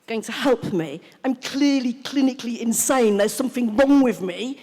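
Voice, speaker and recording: A woman in middle age tells her own recovery story from a convention stage. She is blunt and lively, laughs at herself, swears and mimics the people she quotes. Her voice sits slightly high and rings out with long hall reverb. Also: moderate pace, hardly any pauses. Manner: animated and frank, laughing and swearing, acting out quoted lines. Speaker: main speaker at a recovery convention. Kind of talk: personal recovery testimony told as a story. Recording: live talk in a reverberant hall.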